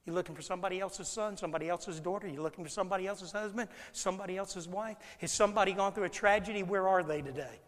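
A man preaching a sermon as a pastor, swinging from hushed, halting speech to shouting with repeated words. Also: high-pitched, long reverb tail. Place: church hall.

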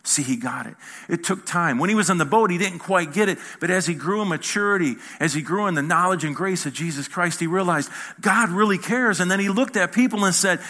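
A male pastor preaching in a conversational style, asking the audience questions and swinging between loud emphasis and hushed moments. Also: on the high side, fairly quick. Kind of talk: sermon.

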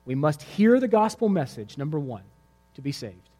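A man with a notably high voice preaches a sermon in a church sanctuary. His words ring out with a long, lingering hall reverb. He tells vivid stories and drives his points home with emphatic repetition. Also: big pitch swings, moderate pace, warm tone. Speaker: pastor. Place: church sanctuary before a congregation.

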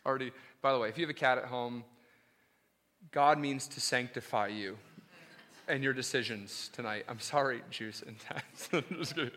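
A male pastor preaching a sermon in an animated, emphatic, conversational way. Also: medium pitch, normal speed, pauses often.

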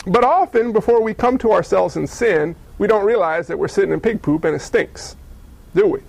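A man preaching a sermon in a folksy, animated, conversational way, often acting out the voices of the people in his stories. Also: high-pitched, normal speed, vocal fry.

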